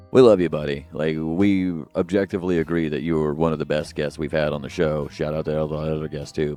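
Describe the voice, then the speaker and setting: A man's voice: rumbling low, darkish tone. A man co-hosting a podcast alone, rambling casually with jokes and filler words. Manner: rambling, jokey, lots of fillers and asides. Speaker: podcast co-host. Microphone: headphones and studio mic.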